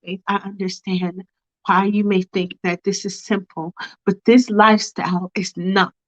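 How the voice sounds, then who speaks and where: A woman's voice: medium pitch, flat delivery, unhurried, no room sound, lightly acted. A woman voicing a man, a nervous drug dealer urging his lover to run. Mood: urgent. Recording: dull lo-fi recording.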